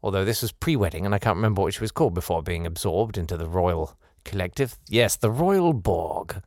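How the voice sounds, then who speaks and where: A man's voice: sits low, quick pace, darkish tone, no room sound, studio quality. A man hosting a podcast, reading out listener messages with wry, sarcastic asides and mock exasperation. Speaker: podcast host.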